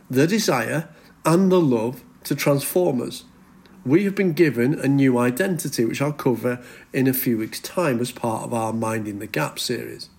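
A middle-aged male pastor preaching a sermon in an earnest manner, slowing down to stress scripture. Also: mid-range voice, creaky, darkish tone. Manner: earnest, slows down for emphasis when reading scripture.

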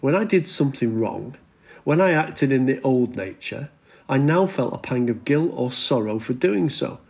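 A middle-aged man preaching earnestly from the pulpit. His voice sits at an ordinary pitch, and he slows right down to lean on the words of scripture. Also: animated, vocal fry, a little mellow. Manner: earnest, slows down for emphasis when reading scripture. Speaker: pastor. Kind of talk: sermon.

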